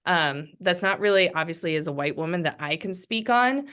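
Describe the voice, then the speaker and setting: A woman leading a casual book discussion over a video call, talking in an even, measured way with frequent ums. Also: lowish voice, clean tone. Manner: even-tempered, many ums.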